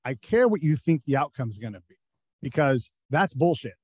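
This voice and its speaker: A middle-aged man with a mid-range, darkish, breathy-edged voice speaks at a moderate pace with big pitch swings. A former military intelligence officer and interview guest, he shares war stories frankly and profanely, acting out quotes in voices. The lo-fi sound has no room sound.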